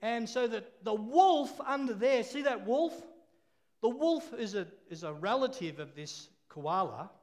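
A man's voice: very high voice, lively intonation, unhurried, a little mellow. A man preaching a sermon, telling a story with laughs and call-and-response.

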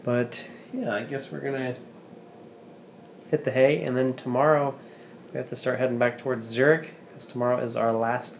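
Young man, casual travel vlog host, jokey and rambling, mid-range voice, clear background noise on a handheld recording. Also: medium pitch, steady tone, normal speed, long pauses. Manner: joking, chatty, rambling. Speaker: travel vlogger. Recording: handheld camera with ambient noise.

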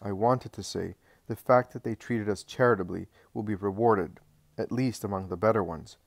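A man reading the lines of Jesus as a calm, patient male teacher in a religious audiobook. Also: lowish voice, vocal fry, no echo. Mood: gently instructive. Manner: measured, patient, reassuring.

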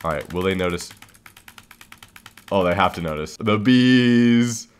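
A young man giving casual, excitable commentary over gameplay, talking to himself and narrating what other players do. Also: deep voice, unhurried, clean tone. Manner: excitable, giggly, talks to himself while trolling players. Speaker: Minecraft server owner and YouTuber.

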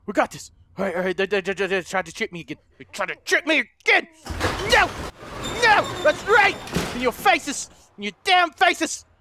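A man's voice: high-pitched, huge pitch swings, fairly quick, noisy background. A man playing a horror game for viewers, talking to them as he goes, often panicking, screaming and swearing at the monsters. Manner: talks to viewers as guys. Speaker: gaming YouTuber. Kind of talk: let's play commentary.

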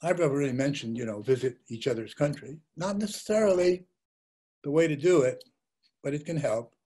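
A man's voice: fairly high pitch, brisk, warm tone, husky. An older man giving a talk as a journalist, reflective, telling stories and posing rhetorical questions. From Russia and the United States. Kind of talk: lecture.

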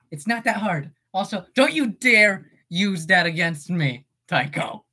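A woman's voice: medium pitch, lively intonation, unhurried, few pauses, pushed and bright, breathy edge. An eighteen-year-old woman streamer and voice actor chatting casually, goofy and swearing, breaking into yelps.

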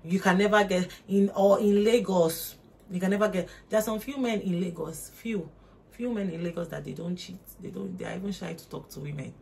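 A woman's voice: steady tone, brisk, vocal fry, darkish tone, slight background noise. Young woman talking to camera, casual motivational chat, keeps repeating herself for emphasis. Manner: emphatic, preachy, repeats points, rises in pitch for emphasis. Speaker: motivational vlogger.

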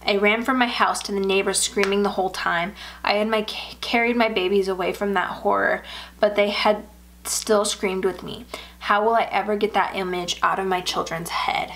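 A woman narrating a first-person horror story in a steady, measured reading. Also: medium pitch, a little hiss or hum.

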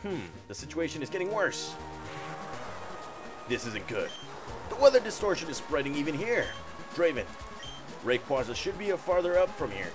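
A man's voice: on the high side, big pitch swings, normal speed, long pauses, pitched above the performer's own voice. A man reading as an urgent gym leader ally. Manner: urgent, reading game text aloud. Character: earnest adult male gym leader ally. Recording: video game music underneath. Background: game music.

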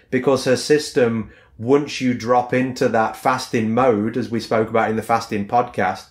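A man co-hosts a fitness podcast and talks it through in a loose, rambling way, returning to "again" over and over. His voice sits at an ordinary middle pitch. The room around him gives a clear echo. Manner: rambling, repeats "again" as a filler. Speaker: podcast co-host, fitness coach. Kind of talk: casual explanatory podcast chat.

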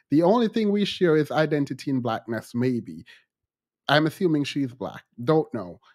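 A man hosting a commentary podcast, reacting to clips in a blunt, opinionated way. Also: mid-range voice.

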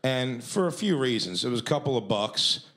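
A man's voice: medium pitch, animated, moderate pace, fairly bright tone. A man telling a profane, laugh-filled comedy story on a club stage into a handheld mic. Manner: profane, laughs through his lines. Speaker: stand-up comedian. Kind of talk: stand-up storytelling.

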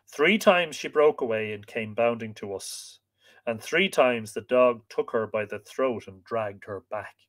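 A man's voice: mid-range voice, animated, a little slow, fairly bright tone. A man voicing a frightened, humble male servant in a read-aloud myth, in a pleading delivery. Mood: fearful.

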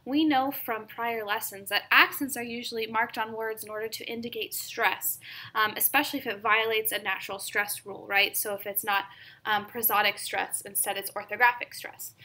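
A woman's voice: fairly high pitch, pushed and bright, slight background noise. A woman teaching a recorded grammar lesson, explaining step by step with frequent "right?" and "um". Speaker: Spanish teacher.

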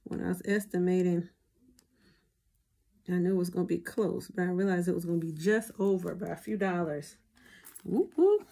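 A woman's voice: on the low side, fairly even intonation, a little fast, creaky, dark tone. A woman chatting casually to her viewers as a budgeting vlogger, often calling them y'all.

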